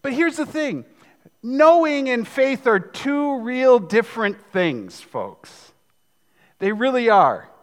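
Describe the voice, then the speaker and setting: A man's voice: very high voice, very animated, takes it slowly, big-room sound. A man in his fifties preaching a sermon as pastor, in a conversational, joking manner. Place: church sanctuary.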